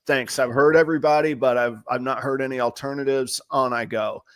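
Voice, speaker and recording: A man's voice: mid-range voice, steady tone, brisk, a bit bright. A man hosting a podcast, telling candid, self-deprecating work stories and acting out the quotes in them. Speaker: podcast host. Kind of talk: casual chat.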